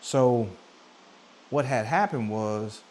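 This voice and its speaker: A man in his forties telling a personal story in a relaxed sit-down vlog, talking conversationally and getting animated when he acts out what people said. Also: medium pitch, slow, slight background noise. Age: 40s. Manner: conversational, animated when quoting himself and others. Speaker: vlogger. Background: soft coffeehouse music.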